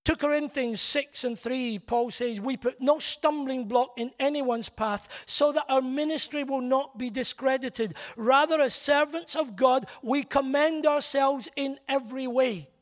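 A man's voice: very high voice, unhurried, few pauses. A middle-aged man preaching a sermon, blunt and emphatic, hammering points home by repeating key words.

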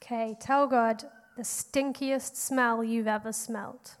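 A high-voiced woman guides a congregation of children through simple prayer prompts, encouraging and unhurried. Her voice rings out with a long reverb in a church hall. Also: fairly even intonation. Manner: bright, encouraging, paced with pauses.

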